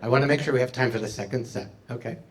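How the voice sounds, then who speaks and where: Performing stand-up for a live audience, a man with a mid-range voice talks very fast, punning playfully, taking questions and delivering loud jokes. The mic sits at a distance in a roomy hall.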